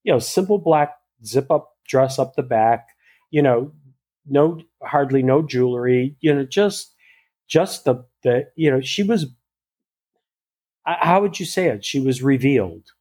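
A man, a hairstylist, tells a story casually in an interview. He speaks at a middle pitch. He acts out both sides of the conversation and fills his talk with "you know" and restarts. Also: measured pace. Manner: animated retelling that acts out both sides of a dialogue.

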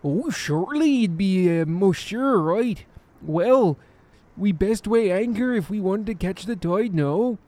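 An actor playing a scruffy pirate captain who poses as a scholar, speaking in gruff pirate talk and making clumsy excuses. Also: male voice, high-pitched, expressive, measured pace, warm tone. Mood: shifty.

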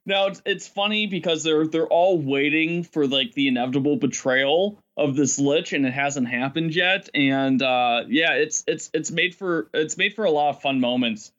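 A man telling stories as a game master in a casual podcast chat, rambling and animated, often laughing. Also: fairly high pitch, moderate pace, hardly any pauses, muffled recording.

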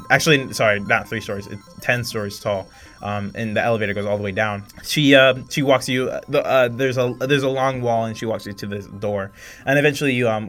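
A man acting as game master narrates in a medium-pitched, fairly bright voice. He is hesitant and halting, full of ums and restarts.

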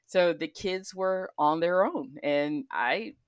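A woman's voice: on the low side, slow, no echo, studio quality. A middle-aged woman co-hosting a podcast, chatting casually and telling stories with plenty of laughter. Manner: animated, laughing storyteller who acts out quoted voices. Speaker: podcast co-host. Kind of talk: casual chat.

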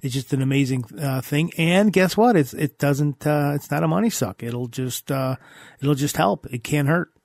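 Guy hosting a money chat show, keeps repeating himself all excited, kinda high voice, dead dry mic. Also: moderate pace, creaky, dry recording. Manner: enthusiastic, repetitive, stumbling restarts. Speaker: host. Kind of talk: casual podcast chat.

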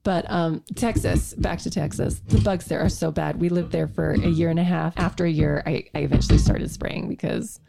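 A woman co-hosting a health podcast in casual chat, talking fast with restarts and sarcastic asides. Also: on the low side, fairly even intonation, vocal fry, very noisy. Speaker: podcast co-host, health practitioner. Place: home podcast room.

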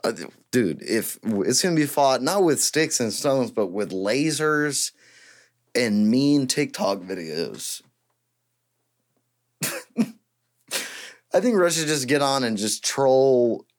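A man riffs loosely as a podcast host, with a mid-range pitch. He jokes, rambles and gets excited easily, in a relaxed, unscripted way. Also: takes it slowly, long pauses. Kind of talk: casual podcast rant.

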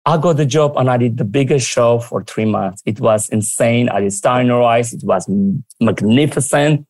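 A man shares memories of his career as a guest on a chat show. His voice sits at a middling pitch and sounds close and dry. He tells it all with lively energy and slips into other people's voices when he quotes them. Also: normal speed, no echo. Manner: lively, acts out quoted dialogue. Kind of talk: casual storytelling.

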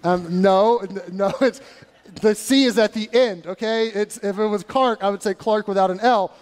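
A man's voice: high voice, fairly even intonation, moderate pace, darkish tone, smooth. A male pastor preaching a sermon in a conversational way, asking his congregation rhetorical questions. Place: church sanctuary. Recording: church hall reverb.

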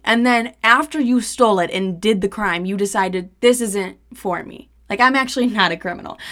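Animated young woman telling a story. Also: fairly high pitch. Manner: animated, profane, rising to indignant outbursts. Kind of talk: casual storytime monologue.

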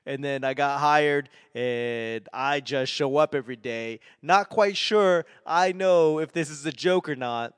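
A man's voice: on the high side, unhurried, hardly any pauses, clear, resonant tone, no room sound, studio quality. A man in his forties from Boston with a faint Boston accent, rambling through a solo podcast monologue in a self-deprecating, sarcastic way. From Boston, New England. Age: 40s. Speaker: comedian and podcast host.

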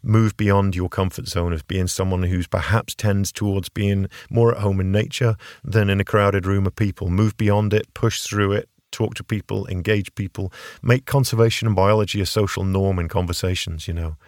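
A middle-aged man, a conservationist guest, telling stories in a casual interview, animated and rambling with fillers and restarts. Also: low voice, moderate pace, few pauses, dry recording, clean studio sound. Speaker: conservationist and bear researcher, guest.

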